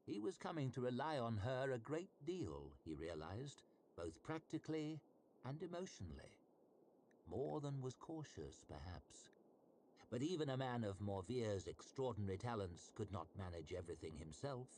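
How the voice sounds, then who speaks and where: A man narrating a fantasy novel aloud with a measured, expressive reading. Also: medium pitch, a little hiss or hum. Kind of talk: audiobook-style fantasy narration.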